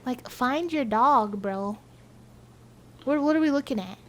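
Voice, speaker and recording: Sarcastic young woman VTuber, high voice that swings widely, reaction commentary. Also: expressive, measured pace. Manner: sarcastic, incredulous, laughing.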